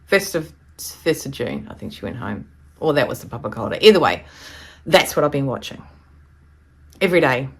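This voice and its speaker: A woman's voice: rumbling low, big pitch swings, fairly quick, creaky, long pauses, breathy edge. A woman, chatting casually to camera in a rambling, storytelling way. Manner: chatty, rambling, acts out quoted voices. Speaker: vlogger.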